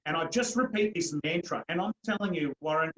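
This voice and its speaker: Earnest man, slightly high voice. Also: brisk, a bit bright. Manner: earnest, emphatic, repeats phrases with growing force. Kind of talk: personal storytelling in a podcast interview. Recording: roomy echo.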